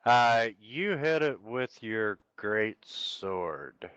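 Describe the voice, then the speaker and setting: A man running an online tabletop game as game master, unhurried and thinking aloud as he checks the rules. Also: medium pitch, expressive, a bit bright, smooth, no room sound, rough recording.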